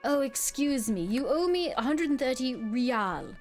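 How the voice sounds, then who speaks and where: A woman's voice: fairly high pitch, normal speed, soft background music, close to an everyday voice. A woman voicing a grumpy male hotel manager, curt and impatient, reading game dialogue aloud. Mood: sarcastic.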